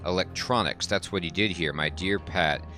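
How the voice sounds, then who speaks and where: A man reading the part of a grieving, worn-out man who drinks and wants the truth about his dead brother, in halting, emotional dialogue. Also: low-pitched, pushed and bright, faint music behind.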